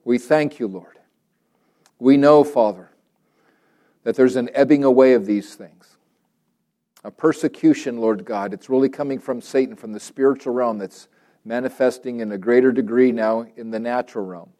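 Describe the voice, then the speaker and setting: A male pastor speaks with a mellow, warm tone at an ordinary pitch. He prays and preaches earnestly, stacking repeated phrases and leaning slowly on the words he wants to land. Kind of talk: prayer and sermon.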